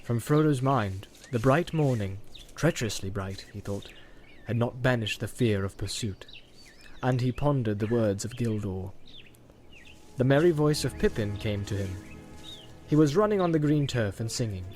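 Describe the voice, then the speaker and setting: A man narrating a fantasy story aloud in a steady, measured way. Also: mid-range voice, a little hiss or hum. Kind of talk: audiobook reading.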